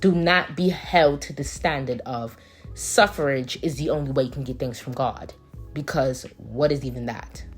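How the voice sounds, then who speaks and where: A woman's voice: a bass voice, moderate pace, soft background music. A woman talking casually in a put-on British accent, rambling with lots of fillers as she does a nail tutorial. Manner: rambling, filler-heavy, preachy asides. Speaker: nail artist.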